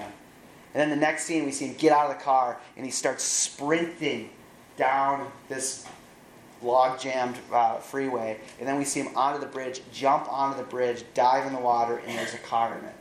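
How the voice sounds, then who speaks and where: A man preaching, retelling a film's plot in an animated way with wry asides. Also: medium pitch, normal speed, roomy sound, a little hiss or hum, poor audio. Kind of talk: sermon storytelling.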